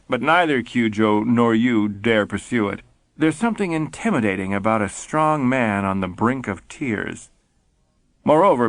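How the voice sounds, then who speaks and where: A man reading an audiobook in a measured, wry storytelling manner. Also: medium pitch, dry recording. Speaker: audiobook narrator. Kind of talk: scripted narration.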